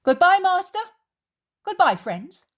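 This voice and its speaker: A woman's voice: extremely high pitch, big pitch swings, takes it slowly, voice pushed up, full character voice. A woman voicing an eager, ingratiating adult male disciple in an audiobook reading. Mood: cheerful. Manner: eager and ingratiating, then scoffing.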